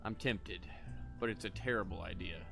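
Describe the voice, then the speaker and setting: A man's voice: fairly low pitch, moderate pace, gravelly, music in the background. A young man casually rambling through live gameplay commentary, laid-back and often chuckling, with the odd cough. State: coughing between lines. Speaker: gaming streamer.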